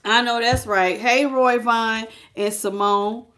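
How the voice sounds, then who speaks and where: A woman's voice: a little high, fairly even intonation, slow pace, a bit bright. A woman giving a casual live tarot reading, talking straight to the viewer and greeting people in the chat. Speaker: tarot reader.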